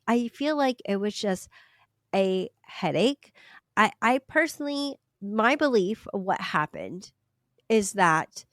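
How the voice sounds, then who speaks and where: A woman co-hosting a chatty book podcast, recorded close and dry with almost no room sound. She talks animatedly and hedges her claims, and her pitch leaps up when she mimics other people. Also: no echo. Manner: animated, acts out quoted people with sudden high-pitched voices; hedges with repeated "allegedly". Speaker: podcast co-host. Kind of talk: casual chat.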